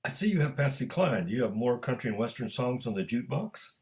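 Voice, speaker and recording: A man's voice: mid-range voice, big pitch swings, fast, darkish tone, close to an everyday voice. A man reading a story aloud, voicing an earnest, polite male hotel detective.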